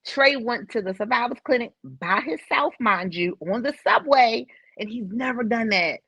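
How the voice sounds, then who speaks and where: A middle-aged woman, a podcast guest, telling a personal story in an emotional, animated way. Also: a little high, moderate pace, husky, dry recording. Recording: slightly dull dry recording.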